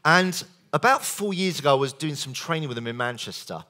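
A man delivers a sales-training keynote at a conference, his voice pitched a little high and swinging widely as he talks. He keeps the crowd involved with show-of-hands questions and quick asides. The tone is energetic and conversational. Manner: animated, engages audience with show-of-hands questions and jokes. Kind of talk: lively conference keynote talk. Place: conference hall.

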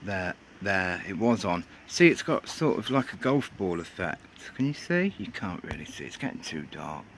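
A low-voiced man talks into a handheld camera outdoors, his pitch bouncing around a lot as he jokes and mutters. The recording carries clear background noise. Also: sing-song, normal speed, hardly any pauses, a bit bright, poor audio. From England. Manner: rambling, jokey, swears under his breath. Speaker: sneaker reviewer. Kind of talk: casual outdoor product review. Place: outdoors on a cold grey day.

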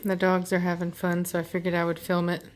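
Woman dog breeder, casual home vlog narration, slightly low pitch, amused and chatty. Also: completely flat delivery, quick pace. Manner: chatty, amused, laughs often. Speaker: dog breeder filming her dogs. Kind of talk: casual running commentary. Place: home with dogs playing nearby.

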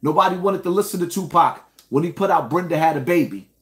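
A man's voice: on the high side, quick pace, a bit bright. A man ranting to his viewers in reaction commentary, emphatic and indignant, speaking straight to the audience.

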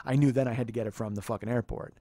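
A man in his fifties telling a funny story in a profane, animated way, laughing as he goes. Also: mid-range voice, rapid-fire, dry recording, clean studio sound. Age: 50s. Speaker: podcast host. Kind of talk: comedic storytelling monologue.

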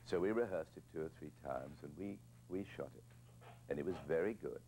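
An older man with a very low, gravelly voice recounts stories from his directing career. He pauses and repeats words as he searches for them. His delivery is reflective and unhurried. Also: mellow, slight background noise, low-quality recording. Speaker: film director interviewee. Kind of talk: reflective anecdote telling.

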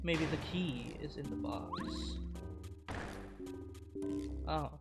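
A woman's voice: sits low, wildly swooping pitch, very slow, creaky. A woman streaming a game, chatting to herself and laughing at her own moves. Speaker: let's play streamer. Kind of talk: casual gameplay commentary. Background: game music.

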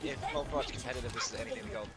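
A hoarse man streaming a competitive game, commenting quickly and grumbling with frustration. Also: medium pitch, loud music behind the voice. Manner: rapid, frustrated grumbling with swearing. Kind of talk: live gameplay commentary.

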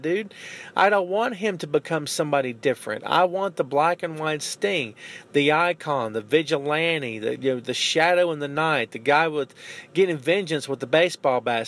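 Opinionated man in animated wrestling talk. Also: fairly high pitch. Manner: animated, opinionated, says "man" and "you know what I'm saying". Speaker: podcast host. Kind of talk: casual wrestling commentary.

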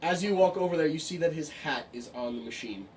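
A man with a Brooklyn accent narrating a tabletop game as game master, halting and casual. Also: a little high, animated, darkish tone, distant mic, a little hiss or hum. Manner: casual, halting, laughs often.

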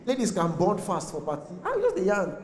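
A man's voice: high voice, fairly quick. A young man with a Nigerian accent performing a stand-up comedy set, telling stories animatedly and slipping into pidgin while acting out the people in them. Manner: animated storytelling mixing pidgin, acting out voices. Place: large comedy venue with live audience. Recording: echoey hall.

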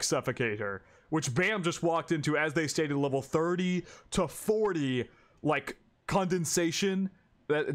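A man with a slightly raised voice talks through an anime as he watches it. He is openly exasperated, circles back on the same questions, and swears freely in a loose, unscripted reaction style. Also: a little high. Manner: exasperated, repeats himself, swears often. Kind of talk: casual reaction commentary.

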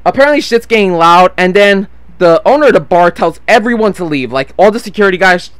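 A man's voice: high-pitched, expressive, fairly quick, fairly bright tone, smooth, no echo. A nineteen-year-old man telling a long story in a casual, rambling way while playing a game, swearing freely and losing track of names. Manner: rambling, swears freely, loses his train of thought. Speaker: gameplay vlogger. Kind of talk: casual storytelling over gameplay.

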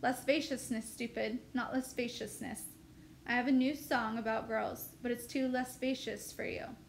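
A woman's voice: on the high side, steady tone, moderate pace, gravelly, slight background noise. Woman reading a cocky older brother. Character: older brother, young man, proud and cocky. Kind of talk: reading a novel aloud.

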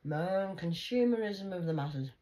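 A woman with a notably low voice talks in a loose, rambling monologue. She jumps between stories, drops jokey asides and swears freely, in a chatty, unpolished way. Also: lively intonation, measured pace, warm tone. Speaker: vlogger.

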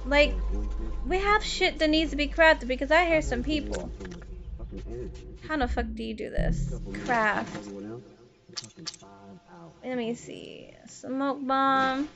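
A woman's voice: sits high, slow, gravelly, pauses often. A woman livestreamer chatting casually and profanely with her chat while she plays a game. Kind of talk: casual live-stream chat while gaming.

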